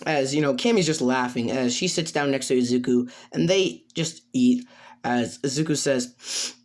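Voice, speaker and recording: A man's voice: medium pitch, moderate pace. A man narrating an improvised fan story, hesitant, full of fillers and self-corrections.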